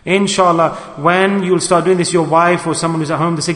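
A man giving a sermon, animated and acting out the voices he quotes. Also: sits high, fast talker. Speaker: preacher. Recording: echoey hall.

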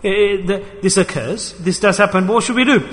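A man's voice: high voice, brisk, a bit bright. A man preaching a sermon with passion, repeating his key phrases for emphasis. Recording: long hall reverb.

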